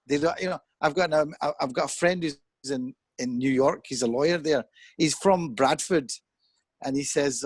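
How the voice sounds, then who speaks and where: A man's voice: on the high side, normal speed, slightly rough, no echo. A man in his fifties talking through his views in an earnest, reflective way on a chat show, as if on a video call. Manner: earnest and reflective, thinking aloud. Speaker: discussion guest. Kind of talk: conversational discussion.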